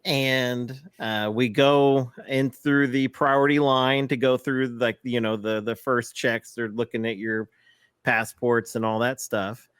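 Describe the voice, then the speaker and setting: A man's voice: mid-range voice, steady tone, a bit bright, clean tone, dry recording. Male podcast co-host, rambling anecdotal delivery, easy laughs, dry close sound. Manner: rambling storyteller, many fillers and quick laughs. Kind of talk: casual chat.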